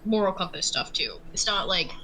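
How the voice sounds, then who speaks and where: Bright-voiced woman running a tabletop game. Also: mid-range voice, very animated, normal speed, slight background noise, rough recording. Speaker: game master.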